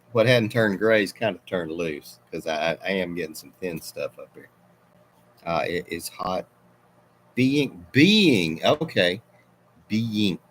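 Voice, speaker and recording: A man's voice: low voice, fairly bright tone, slight background noise. A middle-aged man hosting a casual livestream, rambling through viewer comments and wandering off on tangents as he talks. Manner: rambling, meandering, self-interrupting. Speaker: livestream host. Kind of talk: casual live chat reading viewer comments.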